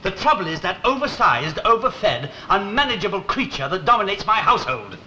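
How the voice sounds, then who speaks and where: A man's voice: high voice, sing-song, fairly quick, bright, forceful tone, reverberant, muffled recording, slight background noise, full character voice. An actor playing an exasperated, put-upon man in a 1960s British sitcom, wry and blustering. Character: exasperated middle-aged man with an unruly dog. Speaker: Mister Hunt, sitcom lead.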